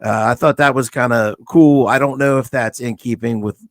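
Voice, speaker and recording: A man with a medium voice in a relaxed podcast chat. He explains things loosely and with fillers, and the sound is dry and close. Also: mid-range voice, normal speed, no echo. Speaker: podcast co-host. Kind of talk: casual review chat.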